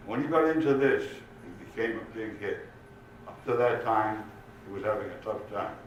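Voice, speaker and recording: An older man telling jokes in an unhurried, lively way to a live audience in a community room at a retirement village, recorded in an echoey room from far off. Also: on the low side, lo-fi sound, slight background noise. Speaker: amateur comedian. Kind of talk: stand-up joke telling. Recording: echoey room, mic far off, faint ambience.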